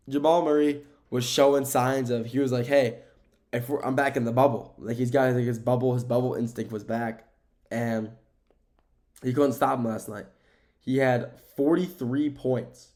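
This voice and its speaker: A young man from the United States hosts his own sports podcast in loose, casual talk. His voice sits at a middle pitch, and he rambles and restarts his sentences. He repeats his points and gets fired up over the game stats. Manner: rambling, repeats himself, many fillers and restarts; grows excited when talking about the game. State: sleepy, keeps yawning. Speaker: podcast host.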